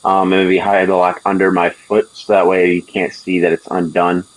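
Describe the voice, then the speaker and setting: A man's voice: deep voice, level tone, normal speed, rough recording. A man playing a rogue in a tabletop game, hesitant and thinking aloud with many fillers. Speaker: player.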